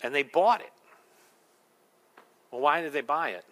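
A man's voice: on the high side, lively intonation, a little slow, fairly bright tone. A male pastor preaching a sermon, emphatic, with rhetorical questions and humorous asides.

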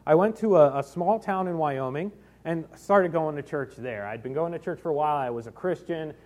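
Animated high-voiced man preaching. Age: middle-aged. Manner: storytelling, self-deprecating humor. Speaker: pastor. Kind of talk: sermon.

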